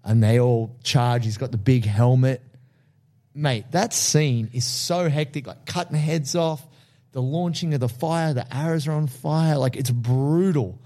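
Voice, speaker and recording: A man in loose, animated conversation about films, his voice warm and mellow rather than bright. He swears freely and jumps into acted-out movie lines with excitement. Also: mid-range voice, measured pace. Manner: animated, swearing, acts out film quotes. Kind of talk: casual movie chat.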